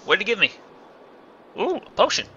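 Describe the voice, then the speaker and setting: A man's voice: high voice, very animated, fairly quick, bright, forceful tone. A man giving casual, playful commentary over a role-playing game, with jokey asides. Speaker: let's play host. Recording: slightly dull recording with faint hiss.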